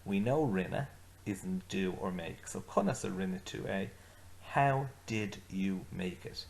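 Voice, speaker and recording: A man teaching an Irish language lesson, slowing down to model each phrase for his learners to repeat. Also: sits low, animated, gravelly. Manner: slows right down to model phrases for repetition. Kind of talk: slow, deliberate lesson with repeat-after-me drills.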